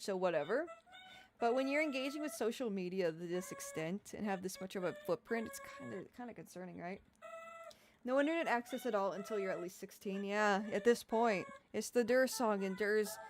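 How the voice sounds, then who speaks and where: A woman's voice: medium pitch, expressive, fairly quick, slight background noise. A young adult woman livestreaming, chatting casually, rambling, swearing a lot and laughing often. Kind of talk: casual live-stream chat reacting to comments.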